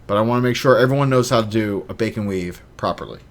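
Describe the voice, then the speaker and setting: Animated male podcast host. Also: on the low side, quick pace. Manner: animated, jokey, swings loud and soft. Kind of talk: casual podcast chat.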